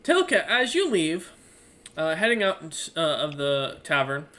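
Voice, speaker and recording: A man running a tabletop game as game master, narrating scenes in a relaxed, rambling way. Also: on the high side, a little slow.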